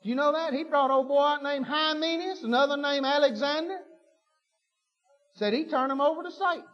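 A man's voice: extremely high pitch, brisk, faint music behind. Man, preacher, repetitive and fervent, long church reverb. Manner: fervent, folksy preaching with repetition and rising shouts. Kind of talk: sermon. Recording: dull lo-fi recording with long hall reverb.

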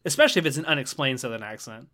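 Man, podcast co-host, casual chat, bright tone, rambling, many ums. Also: medium pitch, lively intonation, rapid-fire. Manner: rambling, lots of ums and restarts.

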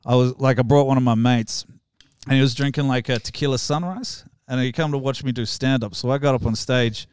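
A man's voice: mid-range voice, a little fast, a little mellow, clear, resonant tone, no room sound. A young man, a stand-up comedian, telling crude stories in casual chat, swearing constantly and laughing as he goes. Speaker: stand-up comedian, podcast guest or host.

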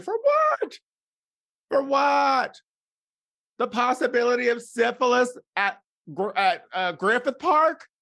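This middle-aged man performs a crude comedy monologue in a campy, animated style. He lurches from loud exclamations to quiet, muttered asides.

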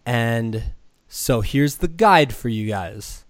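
Hoarse man with a cold, dry sound. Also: mid-range voice, lively intonation, slow, no echo. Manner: rambling, filler-heavy, upbeat. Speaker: podcast host. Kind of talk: casual podcast chat.

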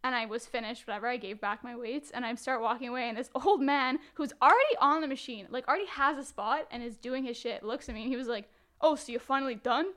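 A young woman guest on a podcast, chatting casually and telling a story with lively acted-out quotes and plenty of swearing. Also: fairly high pitch, quick pace, few pauses. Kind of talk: casual chat.

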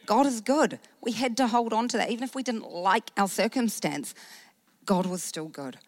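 A woman pastor in her thirties with a New Zealand accent, telling a personal faith story in a sermon, animated, acting out what people said. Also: fairly high pitch, normal speed, dry recording. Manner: animated storytelling with acted-out quotes.

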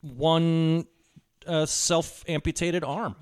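A man's voice: fairly high pitch, steady tone, drawn-out words, darkish tone, smooth. A man co-hosting a casual movie podcast, blunt and dry, swearing casually. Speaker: podcast co-host.

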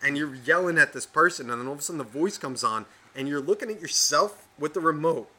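A man co-hosting a podcast, telling a gaming story in animated, profanity-heavy casual chat. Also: fairly high pitch, quick pace. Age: adult, past eighteen. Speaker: podcast co-host.

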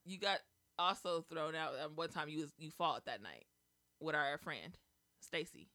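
A young woman co-hosting a casual chat, telling loud stories, laughing often and swearing freely. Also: sits low, lively intonation, moderate pace, dry recording.

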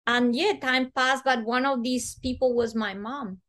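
A woman's voice: a little high, measured pace. Earnest woman telling a personal story. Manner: earnest, animated, acts out quoted voices. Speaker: guest.

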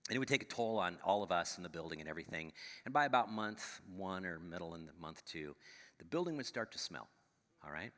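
Pastor preaching in a reverberant church hall. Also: male voice, low voice, animated, quick pace, fairly bright tone. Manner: conversational preaching with frequent "right?" asides. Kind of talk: sermon. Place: church sanctuary.

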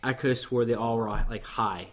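A man's voice: mid-range voice, steady tone, normal speed. A man co-hosting a podcast in casual chat, telling a story with exasperation and lots of restarts. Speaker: podcast co-host.

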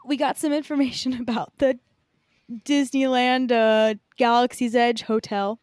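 A woman's voice: fairly high pitch, flat delivery, measured pace, a little mellow, no room sound, clean studio sound. A young woman co-hosting a podcast in casual chat, rambling with lots of fillers and casual swearing. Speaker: podcast co-host.

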